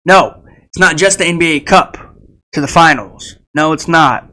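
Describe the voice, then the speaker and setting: A man's voice: on the high side, normal speed, bright, forceful tone, low-quality recording. A man talking casually about upcoming basketball games, rambling with fillers and repeated phrases and speaking straight to players and fans. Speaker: sports video creator. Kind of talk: casual sports prediction talk.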